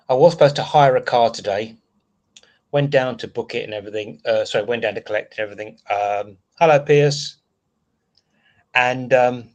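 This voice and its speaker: A man's voice: medium pitch, a little mellow. A man hosting a casual live stream. He rants in a frustrated, rambling way and reads out chat comments as he goes. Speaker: livestream host.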